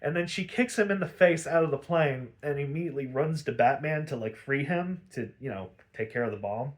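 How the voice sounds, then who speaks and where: A man hosting a podcast, recapping an episode in a casual, rambling, animated way with a lot of swearing. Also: mid-range voice, fairly quick. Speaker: podcast host.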